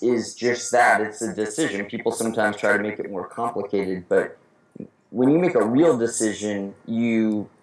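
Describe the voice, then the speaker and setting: A man talking earnestly as an interview guest, often restarting his sentences. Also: medium pitch. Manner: earnest, halting with many restarts. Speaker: guest speaker. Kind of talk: casual interview talk. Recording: roomy echo.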